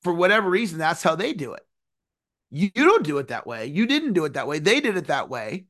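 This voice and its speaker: A man in his forties giving an earnest, animated motivational lesson, sometimes singing a phrase. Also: high voice, a little fast. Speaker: success coach. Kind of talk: motivational teaching talk.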